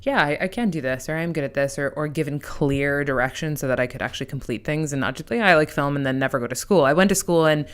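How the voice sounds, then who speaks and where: A woman's voice: deep voice, fast talker, few pauses, smooth. A woman hosting a podcast, asking long, rambling questions in casual chat. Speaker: podcast host.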